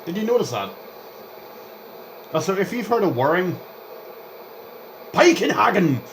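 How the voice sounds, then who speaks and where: A young man rambling through gameplay commentary as a vlogger, chatty and excitable, jumping between topics and reacting aloud to the game. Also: high voice, moderate pace, a little hiss or hum. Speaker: gaming vlogger.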